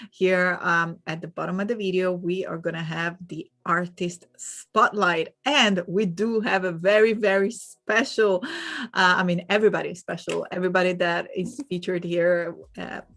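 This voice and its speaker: A woman's voice: on the low side, flat delivery, moderate pace, fairly bright tone. A young woman with an Italian accent that has hints of British and American, chatting casually as a livestream host, laughing often and restarting her sentences. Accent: Italian, with some British and American sounds. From Italy.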